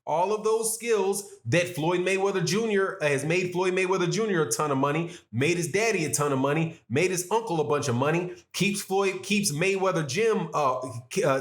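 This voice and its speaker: High-voiced man giving boxing opinions. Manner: conversational, repeats and restarts phrases, frequent "right?". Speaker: boxing commentator. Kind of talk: solo opinion commentary. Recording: roomy echo.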